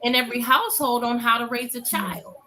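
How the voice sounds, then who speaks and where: A woman's voice: a little high, fairly quick, sharp tone, slight background noise. A woman on a casual panel chat who speaks out plainly and with emphasis.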